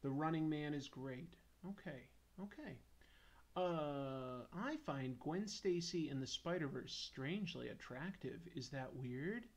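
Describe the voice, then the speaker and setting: A man's voice: fairly high pitch, expressive, unhurried. A man hosting a comics livestream, joking casually and reading viewer comments aloud while he draws. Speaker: comics YouTube host.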